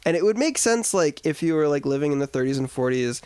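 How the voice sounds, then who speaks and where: A man's voice: a little high, expressive, fast talker, a little mellow, clear, resonant tone, no echo. A man co-hosting a podcast, chatting casually about films, rambling and joking as he goes. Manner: rambling, joking, trails off into asides. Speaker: podcast co-host. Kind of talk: casual film discussion.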